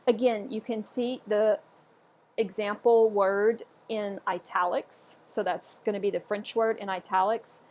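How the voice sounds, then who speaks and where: A woman gives a patient pronunciation lesson at a steady medium pitch. She pauses after each word so learners can repeat it, and she repeats herself calmly and clearly. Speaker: French pronunciation teacher. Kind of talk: instructional lesson. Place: indoors, camera off.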